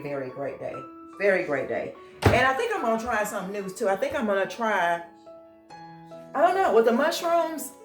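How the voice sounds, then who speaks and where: Chatty woman vlogging in an echoey kitchen. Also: mid-range voice. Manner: chatty, addresses viewers as y'all. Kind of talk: casual home vlog chat. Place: home kitchen, indoors. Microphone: handheld phone camera.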